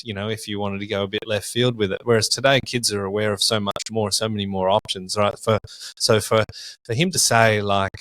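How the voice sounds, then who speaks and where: A man's voice: lowish voice, flat delivery, a little fast, a bit bright. A man hosting a podcast, asking long, conversational questions with plenty of restarts. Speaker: podcast host. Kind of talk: casual interview chat.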